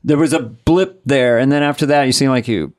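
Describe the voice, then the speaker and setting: A man's voice: medium pitch, a little fast, slight background noise. Guy cohosting a podcast, dry and short, medium voice. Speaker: podcast co-host. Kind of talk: casual chat.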